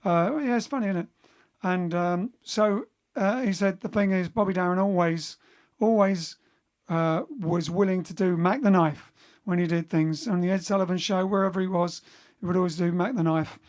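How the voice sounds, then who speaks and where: A man's voice: high-pitched, fairly even intonation, moderate pace, few pauses, darkish tone. A man hosting a band's livestream, chatting casually and rambling between songs from home. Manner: rambling, chatty, self-correcting. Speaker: bandleader and singer hosting a livestream. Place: home during lockdown.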